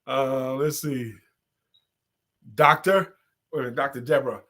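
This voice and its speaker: A middle-aged man hosting a live stream, playfully giving viewers shout-outs with short improvised sung and rapped jingles and frequent laughter. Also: a little high, normal speed, pauses often. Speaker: host.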